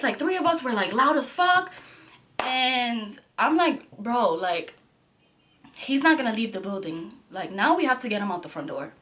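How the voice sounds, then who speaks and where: A young woman vlogger tells a story to camera with lots of energy and constant swearing. Her voice sits a little high. When she quotes people she pushes her voice up and out. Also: a little hiss or hum. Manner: animated, profanity-heavy storytelling; acts out quotes in a raised voice. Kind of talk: storytime vlog.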